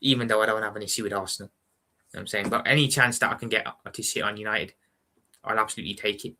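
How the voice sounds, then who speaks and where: A man's voice: fairly low pitch, fairly even intonation, very fast, sharp tone. A man with a Scouse accent from Liverpool, chatting bluntly and rambling on a live football watchalong stream, often repeating "you know what I'm saying". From Liverpool, England. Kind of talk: casual live-stream chat.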